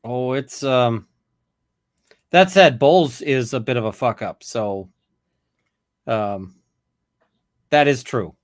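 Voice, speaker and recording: A man's voice: medium pitch, slow pace, pauses often. A man hosting a casual chat, talking loosely and swearing at times. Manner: casual, swearing, tangent-prone. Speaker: host.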